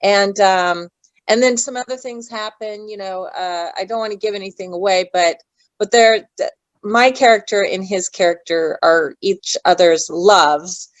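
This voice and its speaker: A talkative woman guest speaks in a relaxed interview, drifting from one point to the next. Her voice sits at a middle pitch. It is recorded close and dry, with no room sound. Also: a little slow, no room sound, poor audio. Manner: chatty and digressive, loses her thread. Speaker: actress guest. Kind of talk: casual interview chat.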